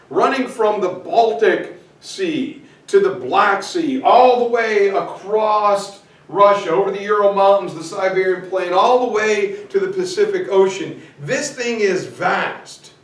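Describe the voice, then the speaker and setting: A man's voice: high-pitched, animated, slow pace. A man teaching history in a casual, chatty lecture, with informal, jokey asides in a classroom. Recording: echoey room, mic far off.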